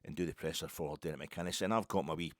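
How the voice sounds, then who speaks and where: A Scottish man with a low voice holds forth alone on his football podcast. He sounds sardonic and mocking and swears freely. He sits close to the mic, and the sound is dry and tight with no room around it. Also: fairly even intonation, fast talker, dry recording. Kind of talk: solo commentary monologue. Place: home recording set with a backdrop, indoors. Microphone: close to camera, face fills the frame.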